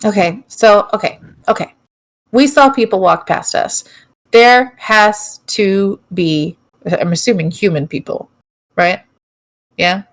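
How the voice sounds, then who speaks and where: A woman's voice: mid-range voice, slow. A woman playing a tabletop game, blunt and swearing freely as she thinks aloud. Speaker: player. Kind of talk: tabletop role-play chat.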